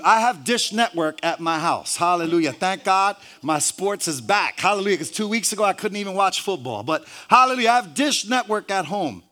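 A high-voiced man preaches a sermon, sprinkling hallelujahs through his phrases. He stumbles and repeats words, jokes with the congregation, and builds up to shouting.

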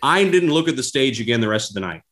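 A man telling stories in a casual interview, animated and laughing as he goes. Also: medium pitch, fast. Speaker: guest. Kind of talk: casual storytelling.

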